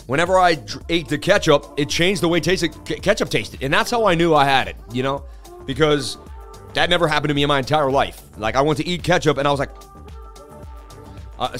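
A man's voice: on the high side, brisk, a bit bright, faint music behind. A man hosting a crypto livestream, telling rambling stories in casual slangy chat and saying "dude" and "man" a lot.

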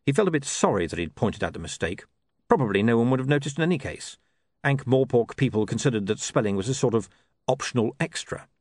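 Lively, dry-toned male storyteller. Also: medium pitch, fast, no echo. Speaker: audiobook narrator. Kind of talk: scripted narration.

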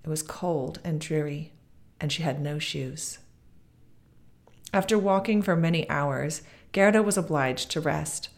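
A woman narrating a fairy tale aloud in a measured, expressive reading. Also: low voice. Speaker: podcast guest reading aloud. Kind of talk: storybook narration.

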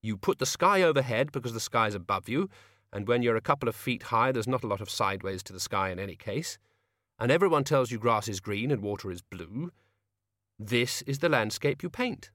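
Man reading as stern young governess woman, brisk, clipped, a bit higher than his own voice, storybook. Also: animated, a bit bright, dry recording, studio quality, lightly acted.

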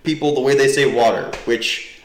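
A man's voice: medium pitch, moderate pace. A young man from New Jersey, a podcast guest chatting casually and rambling with lots of fillers. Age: young adult. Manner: rambling, heavy "like" fillers, animated. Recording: roomy echo.

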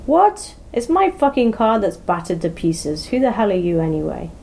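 A woman's voice: lowish voice, animated, moderate pace, mellow, a little hiss or hum. Woman voicing angry swearing male criminal. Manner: swearing, snapping and demanding. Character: angry hot-tempered male criminal, adult.

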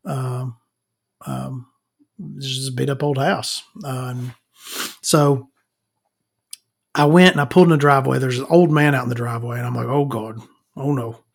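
Gravelly man rambling crude stories. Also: medium pitch, steady tone, normal speed, long pauses. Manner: crude, rambling storytelling that calls himself Victoria; frequent fillers and self-restarts. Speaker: podcast host. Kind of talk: casual comedic monologue.

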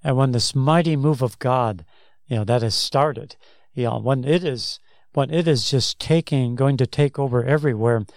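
A man's voice: medium pitch, no room sound, clean studio sound. A man co-hosting a Christian talk show, telling stories in a rambling way that restarts and repeats words. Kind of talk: casual faith discussion, storytelling.

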